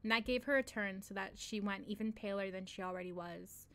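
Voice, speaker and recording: A woman's voice: mid-range voice, brisk, a bit bright. A woman reads a short story aloud for a read-along, settling into the loose, street-wise drawl of its first-person narrator. Her voice sits mid-range, and she breaks off now and then for casual asides, laughing and swearing. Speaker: host reading a short story collection aloud.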